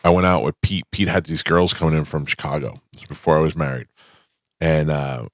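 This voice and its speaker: Deep-voiced male radio host. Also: fairly even intonation, a little fast, no echo. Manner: rambling anecdotes with laughs. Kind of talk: casual storytelling chat. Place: radio studio. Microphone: studio microphone.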